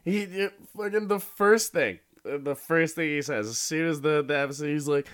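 A host reviewing a show episode in a casual monologue, swearing a lot, sounding exasperated and laughing, with many halting restarts. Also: mid-range voice, smooth.

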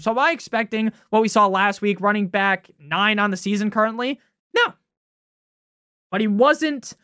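A man's voice: high voice, fairly bright tone, dry recording, clean studio sound. A man hosting a fantasy football podcast, giving casual, heated and sarcastic analysis full of swearing.

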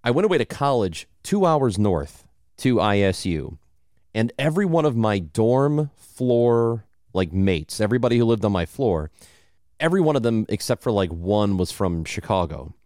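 Speaking at a normal pace in a voice on the low side, this young Southern Illinois man, with a slight accent from there, co-hosts a podcast and tells animated stories in casual chat, restarting often. The sound is clean studio quality with no room sound.

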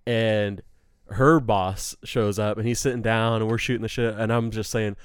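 A man telling stories in a loose, joking chat, swearing freely. His voice is smooth and clear. The sound is dry and close. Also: on the low side, steady tone, moderate pace, dry recording. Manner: profane, joking storyteller. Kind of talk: casual chat.

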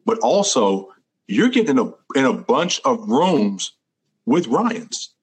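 A man's voice: mid-range voice, very animated, takes it slowly, rough recording. A man hosting an interview, affirming and thoughtful, asking questions with many fillers. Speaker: podcast host. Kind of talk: conversational interview.

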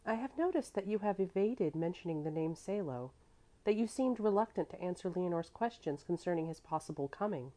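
A woman reading the part of a kind, pious older woman giving soft, earnest counsel. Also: fairly low pitch, expressive, brisk, close to an everyday voice.

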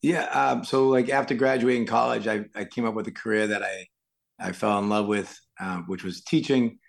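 A man from Massachusetts, a stuntman and actor, telling lively stories as an interview guest and acting out the quotes. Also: on the low side, moderate pace, creaky. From Worcester, Massachusetts. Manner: lively anecdotes full of acted-out quotes. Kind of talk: casual interview storytelling.

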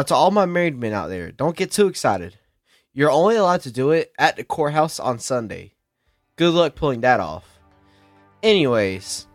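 A man's voice: medium pitch, dry recording, clean studio sound. A young man from South Carolina with a Southern accent, chatting as a guest on a podcast in a playful, joking manner. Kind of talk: casual chat.

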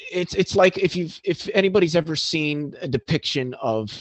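A man in a live online debate, explaining physics with many halting restarts. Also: fairly high pitch, lively intonation, dry recording, rough recording. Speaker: debate guest.

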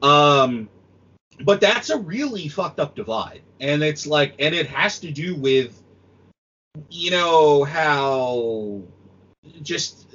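Male critic as a podcast guest, lively and mocking, slightly raspy, lo-fi recording. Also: fairly high pitch, takes it slowly. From United States. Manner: animated, sweary, mocking quoted voices. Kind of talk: casual podcast chat. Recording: dull lo-fi audio.

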